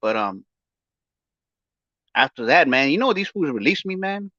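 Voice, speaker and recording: A man's voice: fairly high pitch, sing-song, unhurried, bright, forceful tone, no echo. A man hosting a podcast, lisping and mumbling through a broken jaw and missing front teeth, rambling with stammered restarts and heated profanity. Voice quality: lisping, mumbled speech through a barely opened mouth. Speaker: podcast host giving a health update. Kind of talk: casual rambling monologue. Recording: dull, dry, lo-fi recording.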